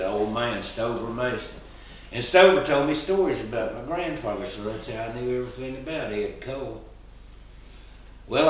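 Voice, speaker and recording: A man telling a story in a relaxed, folksy way. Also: mid-range voice, slight background noise. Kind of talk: oral storytelling performance. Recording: roomy sound, distant mic.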